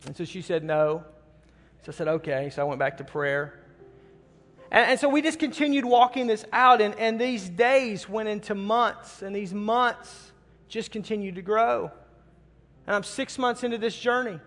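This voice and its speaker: A man's voice: high voice, normal speed, fairly bright tone, big-room sound. A middle-aged man preaching, telling a personal story in an earnest way and often repeating words as he starts a phrase. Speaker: pastor. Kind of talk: sermon storytelling.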